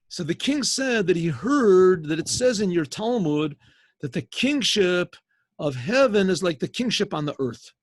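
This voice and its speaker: Husky high-voiced rabbi telling a story. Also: male voice, big pitch swings, dry recording. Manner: halting, repeats words, conversational asides. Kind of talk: informal oral storytelling. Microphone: video call.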